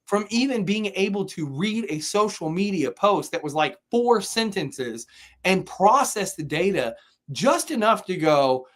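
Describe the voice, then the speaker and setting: This man is a podcast co-host on a live stream, swearing through a casual, heated rant and mimicking people with sneering quotes as he tells a story. He has a high, slightly bright voice that's animated yet a little slow, captured on a remote or studio mic.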